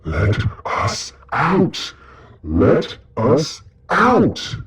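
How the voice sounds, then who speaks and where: A man voicing a chorus of trapped, demonic movie characters, yelling in a deep, drawn-out voice. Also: wildly swooping pitch, roomy sound, distant mic, exaggerated voice.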